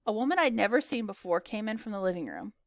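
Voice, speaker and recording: A woman narrating a children's story in an animated, bright reading style. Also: mid-range voice, fast talker, no echo, studio quality. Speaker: audiobook narrator.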